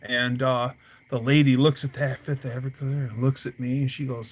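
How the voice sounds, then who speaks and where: A man's voice: mid-range voice, little pitch movement, normal speed. A man hosting a casual livestream from outdoors by his garage, telling rambling stories full of fillers. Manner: rambling storyteller, many fillers. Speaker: livestream host. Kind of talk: casual chat.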